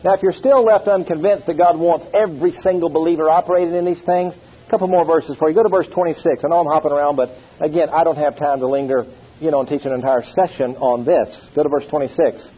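A man's voice: a little high, quick pace, slightly rough. A middle-aged man preaching a sermon, telling stories with acted quotes and calling on the congregation to respond. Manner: animated storytelling with acted quotes and call-and-response. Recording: dull lo-fi sound.

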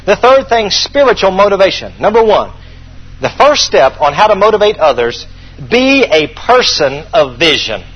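High-voiced, husky preacher, lo-fi sound. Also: male voice, sing-song, moderate pace. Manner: emphatic preaching, repeats key points for note-taking. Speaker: pastor. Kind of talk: sermon.

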